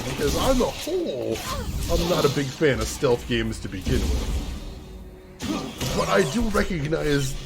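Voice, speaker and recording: A man giving chatty, animated commentary while playing a video game, laughing often. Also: mid-range voice, vocal fry. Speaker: gaming streamer. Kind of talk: casual let's-play commentary.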